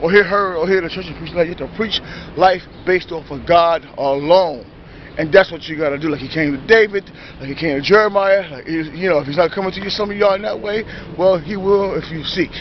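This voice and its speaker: Guy with a high voice preaching off the cuff, repeats himself a lot, keeps asking if you get it, muffled lo-fi sound. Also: fairly quick, a little hiss or hum. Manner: repetitive, emphatic, keeps asking "you understand?"; rambling, self-correcting restarts. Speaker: lay preacher. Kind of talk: informal spoken preaching.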